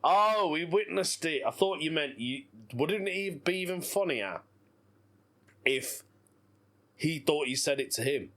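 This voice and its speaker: Giggly British podcast host. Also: male voice, fairly high pitch, expressive, measured pace, a bit bright. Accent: British English. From Britain. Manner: laughs often, playful and giggly. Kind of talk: casual solo podcast chat. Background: faint background music.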